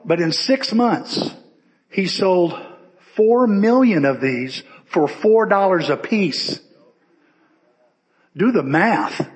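Male pastor, conversational sermon delivery, fairly high-pitched, long church reverb. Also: slow, pauses often. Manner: conversational, animated storytelling. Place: church sanctuary.

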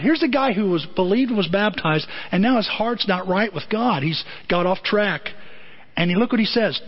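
A middle-aged male pastor telling a story in a sermon, animated and conversational, with comic asides. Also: sits high, moderate pace. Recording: dull lo-fi audio.

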